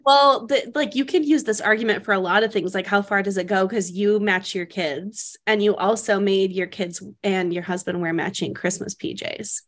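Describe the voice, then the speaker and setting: A woman's voice: medium pitch, fairly even intonation, moderate pace, few pauses. A young woman co-hosting a casual chat, telling stories and often laughing as she talks. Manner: giggly, laughs through her stories. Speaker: podcast co-host.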